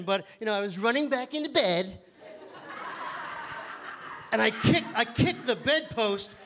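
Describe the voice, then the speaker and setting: A man's voice: extremely high pitch, background noise. A man doing a stand-up set on a comedy club stage, telling rambling, self-mocking stories that he keeps stumbling through.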